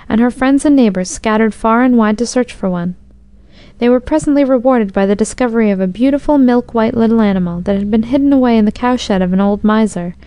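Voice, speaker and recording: A woman narrating a storybook in a measured, expressive reading. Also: on the high side, smooth, dry recording.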